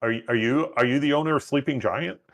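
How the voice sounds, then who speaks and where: Playful gravelly man at a game table. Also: medium pitch, fast talker, fairly bright tone. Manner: playful, laughs often. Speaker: player. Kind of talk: casual game table chat.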